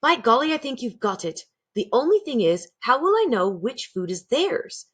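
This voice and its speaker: A woman reading aloud, voicing a kind, patient elderly grandmother who speaks gently and calmly. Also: on the high side, moderate pace, husky, pitched above the performer's own voice. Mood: warm. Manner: gentle, composed.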